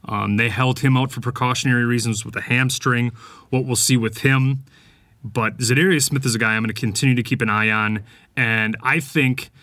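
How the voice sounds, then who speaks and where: A man's voice: medium pitch, a bit bright, no echo. A man hosting a sports podcast, giving casual, opinionated commentary with lots of fillers and restarts. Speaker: podcast host.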